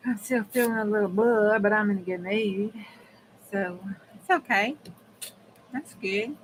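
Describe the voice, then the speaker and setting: A woman's voice: medium pitch, unhurried, rough recording. A woman hosting a casual crafting livestream, chatting with viewers and laughing often. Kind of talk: casual chat while crafting. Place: home craft room with air conditioner running. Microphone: desk mic. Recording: faint room hum from fan.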